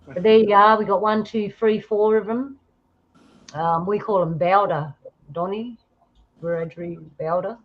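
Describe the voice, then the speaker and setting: A woman's voice: medium pitch, a little slow, lo-fi sound. A woman with an Australian accent hosting a casual chat, telling stories about her photos and laughing often. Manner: laughing, storytelling, acts out quoted voices. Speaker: host.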